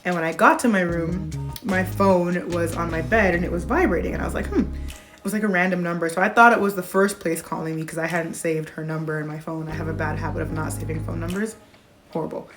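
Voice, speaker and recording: A woman's voice: fairly low pitch, fast talker, faint music behind. A young woman in her twenties, a new nurse graduate, telling a personal story to camera in a casual vlog and acting out the voices she quotes. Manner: animated retelling, acts out quoted voices.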